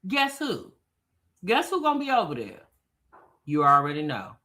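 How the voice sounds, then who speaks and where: A woman hosting a gossip commentary show, sassy and animated, talking straight to her chat. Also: low-pitched, moderate pace.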